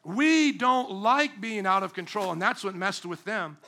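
A man preaching a sermon as pastor, lively and humorous, acting out quotes and asking the congregation questions. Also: sits high, unhurried. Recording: recorded during a church service.

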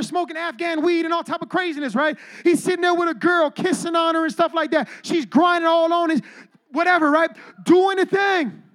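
A male pastor preaching a sermon with slangy, energetic storytelling that addresses the congregation directly. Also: extremely high pitch.

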